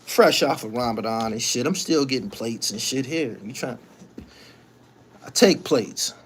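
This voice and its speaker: A man's voice: mid-range voice, lively intonation, a little slow, slightly rough. A middle-aged man hosting a casual live stream, ranting bluntly and profanely with lots of energy.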